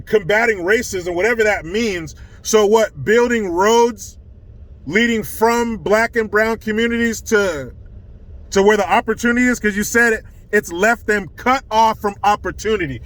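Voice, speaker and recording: Guy with a pretty high voice, swearing a lot, sarcastic rant. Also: fairly bright tone. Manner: sarcastic, profane. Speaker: vlogger. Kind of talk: ranting commentary. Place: California.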